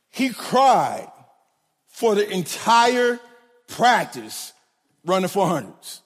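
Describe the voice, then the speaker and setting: A middle-aged man preaches with a strikingly high voice, his lines rising and falling in a sing-song cadence. He stumbles and repeats words as he goes. His voice rings out with a long reverb, as in a large hall. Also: breathy edge. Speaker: preacher and track coach. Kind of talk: sermon.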